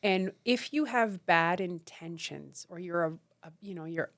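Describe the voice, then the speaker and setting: A woman's voice: on the low side, measured pace, a bit bright. A middle-aged woman from Canada, a former politician, talking in a casual podcast conversation and often mimicking others in a raised voice.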